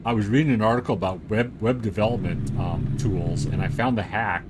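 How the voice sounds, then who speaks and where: A man's voice: lowish voice, brisk. A man hosting a game stream, chatting casually and rambling with lots of fillers. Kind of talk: casual chat while gaming. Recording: game engine noise behind.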